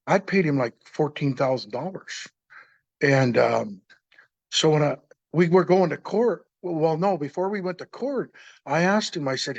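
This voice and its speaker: Gravelly older man telling a story. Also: a little high, expressive, unhurried, dry recording, highs cut off. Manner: rambling, plain-spoken, acts out remembered dialogue. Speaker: speaker telling his own story. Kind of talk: casual spoken storytelling.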